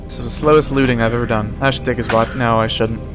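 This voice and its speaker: A man's voice: mid-range voice, level tone, fast, music in the background. Rambling young man narrating a game. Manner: rambling, jokey, talks to game characters. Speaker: let's play host. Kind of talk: casual gameplay commentary.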